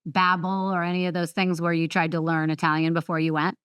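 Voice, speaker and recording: A woman with a somewhat low voice hosts a casual podcast interview. She asks her guest long, rambling questions in a relaxed, conversational way. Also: a little fast, clean tone, no room sound, clean studio sound. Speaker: podcast host.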